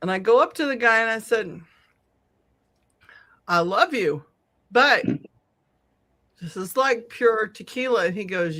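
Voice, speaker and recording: A middle-aged woman telling a long, animated story on a podcast, swearing freely and laughing often. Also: a little high, measured pace, pauses often. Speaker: podcast co-host. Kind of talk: casual storytelling chat.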